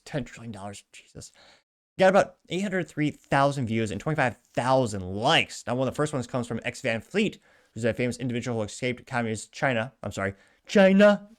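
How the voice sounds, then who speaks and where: This is a man hosting a commentary show who reads online posts out loud. He mixes the reading with sarcastic, half-muttered remarks. His voice sits at an ordinary pitch for a man. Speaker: political commentary host. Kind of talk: reading and reacting to social media posts.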